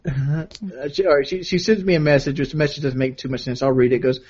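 A man's voice: medium pitch, quick pace, hardly any pauses, darkish tone, breathy edge, muffled recording. A man in casual chat, telling a story and reading out text messages, often repeating himself.

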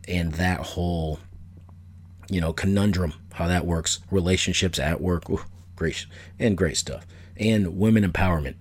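A man's voice: low voice, darkish tone. A middle-aged man hosting a solo podcast, talking casually in a blunt, opinionated, rambling way that repeats itself. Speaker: podcast host.

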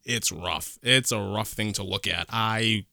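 A man's voice: fairly low pitch, unhurried, gravelly, no room sound, studio quality. Man retelling a movie scene. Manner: retelling scenes in detail, animated. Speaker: movie reviewer. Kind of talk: casual chat.

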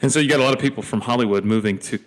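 A man's voice: mid-range voice, very fast, fairly bright tone. A young man from Georgia talking casually on a podcast, telling stories with many fillers and restarts. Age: young adult. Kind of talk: casual conversation.

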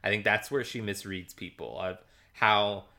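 A man's voice: on the low side, bright, forceful tone. A man co-hosting a casual podcast, talking in a hesitant way with many ums and chuckles. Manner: slow, hesitant, full of ums and laughs. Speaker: podcast co-host. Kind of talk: casual rewatch podcast chat.

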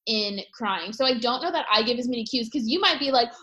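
A woman hosting a podcast in casual chat, candid and quick to laugh. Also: a little high, animated, pushed and bright, lo-fi sound. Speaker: podcast host.

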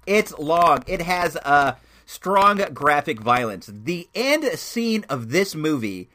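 A young man giving a casual, chatty movie review, telling stories in an animated way. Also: takes it slowly. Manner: animated, chatty storytelling with lively swings in pitch.

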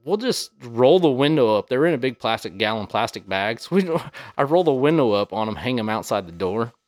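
A man's voice: mid-range voice, very animated, brisk, no room sound. Guest man, easygoing storyteller who swears a lot. Dry, close mic. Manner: laid-back, cusses freely. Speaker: podcast guest. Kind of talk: casual storytelling.

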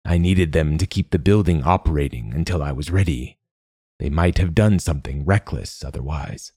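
A man voicing an ancient, secretive machine god in a storybook reading, with a rasping, slow and measured delivery. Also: a bass voice, warm tone, dry recording, studio quality. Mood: solemn. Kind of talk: audiobook narration.

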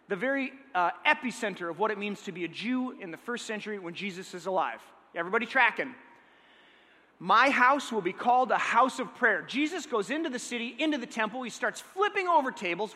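A man preaching a sermon in a lively, conversational way, often checking in with his listeners. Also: sits high, big-room sound. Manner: energetic, conversational, checks in with the audience. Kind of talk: sermon teaching.

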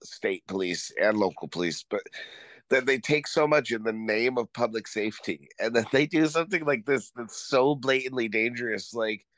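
A man in casual podcast chat, animated and sarcastic, often restarting his phrases. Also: medium pitch, moderate pace, no echo.

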